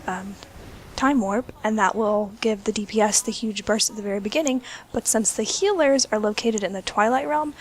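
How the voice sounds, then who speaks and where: A young woman talks through a gameplay tip in a relaxed voice-over. She is chatty and often stops to restart with an um, and she has hiccups. Her voice sits at a middling pitch. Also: slight background noise, low-quality recording. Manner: chatty, many ums and restarts. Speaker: game video creator.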